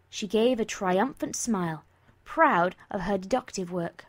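A woman reading a story aloud as narrator, in an expressive, animated manner. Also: medium pitch, unhurried.

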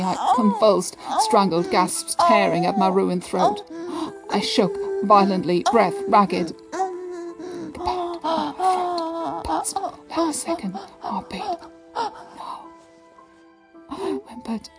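A woman narrating an erotic story in a slow, breathy way, often sinking into hushed whispers. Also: medium pitch, rough recording. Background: background music.

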